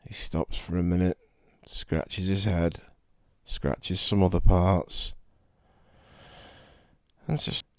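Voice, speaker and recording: Slow, deep northern storyteller. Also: male voice, no room sound. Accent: Northern English. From Northern England. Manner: relaxed, rambling, jokey asides. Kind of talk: meditative bedtime story narration.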